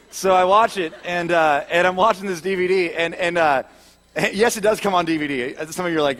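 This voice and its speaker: A man's voice: high-pitched, a bit bright. A man giving a sermon as a pastor, telling a story with self-mocking jokes and turning earnest when he speaks of growing up. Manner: humorous, self-deprecating storytelling.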